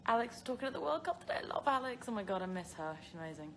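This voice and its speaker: A young Englishwoman, an actress, talks very fast and very animatedly in a high, fairly bright voice, with a little hiss or hum in the audio. On a casual phone livestream she reads out fan questions and chats, laughing often and using filler words.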